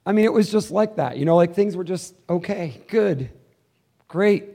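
A man preaching a sermon as pastor, swinging between hushed, intimate passages and loud, fervent ones. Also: high voice, animated, a little slow, gravelly.

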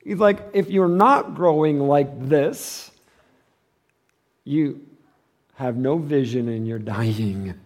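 A man's voice: medium pitch, slow, long pauses. A middle-aged man, a pastor, giving a conversational sermon, acting out quoted voices and chuckling often.

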